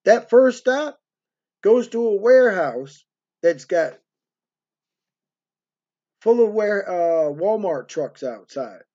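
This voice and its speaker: Rambling streetwise middle-aged man, high voice. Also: expressive, slow pace, pauses often, mellow, highs cut off. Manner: rambling, streetwise, peppers lines with "man" and "right". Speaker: storyteller. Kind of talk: casual storytelling monologue. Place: hotel room.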